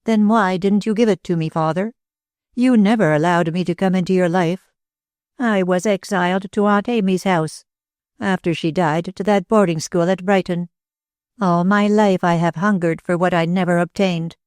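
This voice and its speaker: A woman's voice: fairly low pitch, steady tone, moderate pace, darkish tone, clean tone, no room sound, lightly acted. A woman voicing a young woman who speaks with hurt, vehement reproach. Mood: reproachful. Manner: vehement, pleading.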